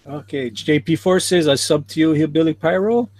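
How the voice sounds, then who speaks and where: A man's voice: on the high side, normal speed, noisy background. A man hosting a casual livestream, reading viewer comments aloud and chuckling often. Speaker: livestream host reading chat.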